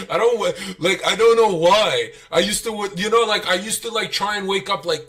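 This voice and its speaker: A young man appearing as a streamer guest tells stories in casual livestream chat, his voice sitting high at normal speed with few pauses. He swears, laughs, and animatedly acts out what people said.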